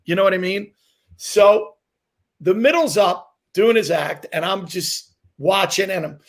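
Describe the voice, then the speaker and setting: A man, a comedian, telling rambling, animated stories in casual chat, laughing as he goes. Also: sits high, moderate pace, vocal fry.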